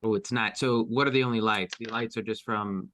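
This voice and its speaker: A man's voice: fairly low pitch, fairly even intonation, a little fast, a bit bright, slight background noise. A man playing a tabletop horror game, stammering as he speaks in character. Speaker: player. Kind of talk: casual tabletop play.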